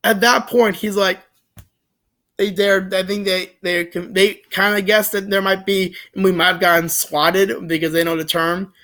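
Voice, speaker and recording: A young male vlogger with a high voice tells a story in a loose, rambling manner, often restarting sentences and filling pauses. His casual retelling is joking and animated, full of fillers and restarts.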